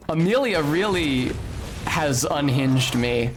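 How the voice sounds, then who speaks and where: At a moderate pace, a young male streamer with a slightly high voice narrates his gameplay over slight background noise. He sounds casual, articulate and somewhat academic, interrupted by outbursts of swearing and yelping.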